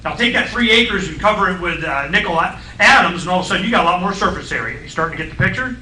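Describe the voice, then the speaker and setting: A middle-aged man on a radio talk show, explaining science in a blunt, folksy, excitable way and acting out voices in his stories. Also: high voice, very fast, roomy sound, recorded from a distance, slight background noise, rough recording.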